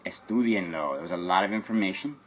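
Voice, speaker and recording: Very low-voiced man teaching grammar. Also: fast, fairly bright tone, muffled recording, slight background noise. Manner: explains step by step, often checks with "okay?" and "right?". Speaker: Spanish teacher. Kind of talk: recorded grammar lesson. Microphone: webcam or phone recording.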